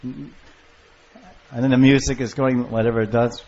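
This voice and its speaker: An older man giving a devotional lecture on scripture, storytelling with lively acted-out voices. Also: medium pitch, a little slow. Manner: animated storyteller, acting out lovers' calls. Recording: muffled lo-fi lecture recording.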